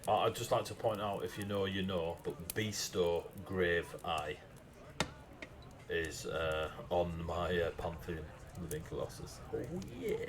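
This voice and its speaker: A man's voice: low voice, flat delivery, unhurried, crowd noise. Rambling northern English man. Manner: rambling, loses his train of thought, self-mocking. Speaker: stream host writing game lore. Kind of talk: casual livestream chat.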